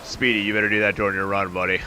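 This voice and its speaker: A man streaming and giving quick, upbeat live commentary on viewer runs in a game, calling scores and turn order. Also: fairly low pitch, little pitch movement, sharp tone, a little hiss or hum. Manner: upbeat, quick hype calls with laughs.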